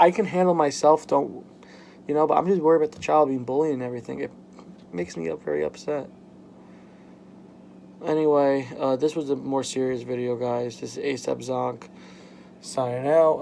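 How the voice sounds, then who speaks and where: A young man talking frankly in a personal vlog at home, halting and full of "like" fillers. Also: mid-range voice, gravelly, a little mellow, slight background noise. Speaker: vlogger. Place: home, at a workbench.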